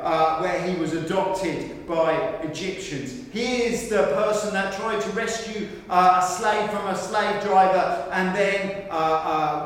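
Middle-aged male pastor giving a sermon, slow and earnest, long reverb, distant mic. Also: on the high side, a little hiss or hum. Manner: earnest, rising to emphatic questions. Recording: echoey hall from far off.

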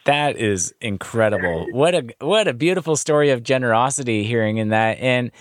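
A man's voice: medium pitch, a little fast, dry recording, clean studio sound. A male podcast host in Washington State, praising his guest in an admiring, effusive way. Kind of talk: interview hosting.

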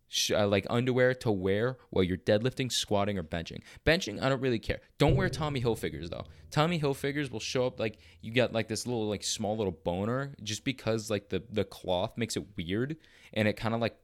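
A man's voice: on the low side, moderate pace. A man in his twenties hosting a podcast, talking in a blunt, profane, rambling rant. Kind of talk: casual ranting monologue.

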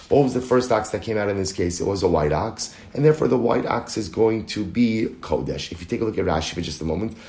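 Low-voiced man teaching Talmud, echoey room. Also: a little mellow. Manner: explanatory, restarts often, reads Aramaic and Hebrew text aloud. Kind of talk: Talmud study lecture.

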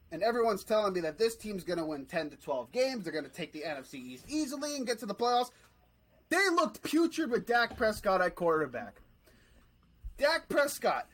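Guy on a sports podcast going off on a rant, high voice, swings all over, swears a lot. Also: a bit bright, poor audio. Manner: fired-up ranting; swears freely. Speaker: podcast co-host. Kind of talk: casual sports podcast chat.

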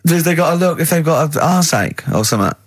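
Give me a male radio host in casual studio banter, with a somewhat high, husky voice that keeps turning to mocking teases. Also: lively intonation, quick pace, dry recording, faint music behind. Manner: teasing, laughs a lot.

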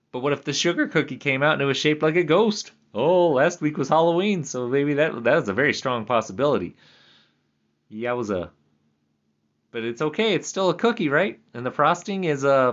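A man chatting casually in a rambling monologue, laughing often and swinging his pitch up for jokes. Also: dull audio. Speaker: vlogger. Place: at home.

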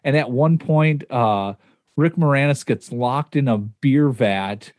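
A man's voice: mid-range voice, slow, a little mellow, dry recording, clean studio sound. A man in his thirties co-hosting a casual movie chat, rambling and self-deprecating. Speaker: podcast co-host.

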